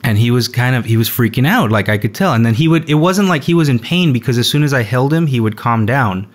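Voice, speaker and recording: A young man hosting a podcast, telling a story in a relaxed, rambling way with lots of fillers. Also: medium pitch, fast talker. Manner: rambling, laid-back storyteller with frequent fillers. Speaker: podcast host. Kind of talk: casual storytelling chat.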